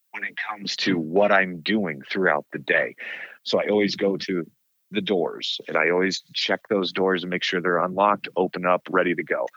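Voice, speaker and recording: A man telling stories of a haunted building in a casual interview, animated and laughing often. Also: deep voice, no echo. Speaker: caretaker of a haunted site. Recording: dull lo-fi dry sound.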